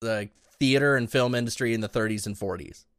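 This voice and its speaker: A man's voice: mid-range voice, brisk, fairly bright tone, smooth, dry recording, clean studio sound. Sardonic, sweary man on a podcast. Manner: profane, sardonic ranting. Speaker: podcast co-host. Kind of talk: casual advice chat.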